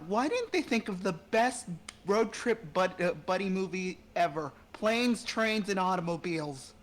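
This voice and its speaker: A panelist in casual chat, enthusiastic, laughing often and repeating words. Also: mid-range voice.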